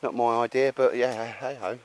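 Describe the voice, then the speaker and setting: His voice sits at medium pitch, with a steady, darkish tone and normal speed. He's an outdoor gear vlogger with a London Cockney accent, chatting casually outdoors at a campsite about a tarp shelter, laddish and calling everyone mate.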